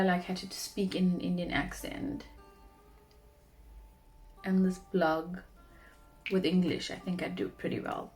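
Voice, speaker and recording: A young South African woman with a South African accent, chatting casually through a makeup tutorial, animated with soft murmured asides. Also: on the low side. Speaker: beauty vlogger.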